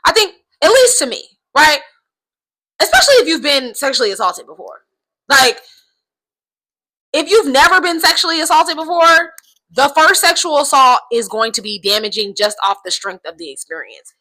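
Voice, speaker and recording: Bright, outspoken woman commentator. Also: sits high, very animated, moderate pace, rough recording. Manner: emphatic, keeps asking "right?"; outspoken, swears freely. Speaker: commentary vlogger. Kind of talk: casual commentary.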